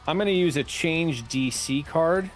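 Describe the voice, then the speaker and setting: A man's voice: a little high, measured pace, faint music behind. A man playing a tabletop game over a voice call, hesitant and humming while he works out his moves. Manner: hesitant, hums while thinking. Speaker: player. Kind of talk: casual tabletop game play.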